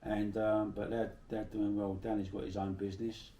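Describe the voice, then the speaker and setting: Middle-aged south london bloke from bermondsey, low mellow voice, yarning away and swearing, echoey room a bit off mic. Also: male voice, little pitch movement, normal speed, recorded from a distance, dull audio, a little hiss or hum. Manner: chatty, salty, swears freely while telling anecdotes. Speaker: interviewee. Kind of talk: casual storytelling interview.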